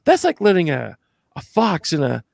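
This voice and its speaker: A man's voice: a little high, huge pitch swings, moderate pace, gravelly, darkish tone, no echo. A young man co-hosting a casual chat, often repeating his words in stammering restarts and sounding mock-indignant. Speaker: co-host.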